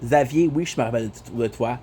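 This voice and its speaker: A man whose first language is French rants bluntly to his stream audience, swearing and circling back over the same points. His voice is mellow and warm, sitting at an ordinary pitch for a man. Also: brisk, a little hiss or hum. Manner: frustrated, blunt, repeats himself, swears. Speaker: gaming streamer. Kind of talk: casual ranting vlog.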